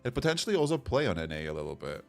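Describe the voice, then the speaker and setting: A man's voice: fairly low pitch, very animated, racing. A man streaming a game, chatting casually and rambling as he reads chat comments aloud. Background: soft background music.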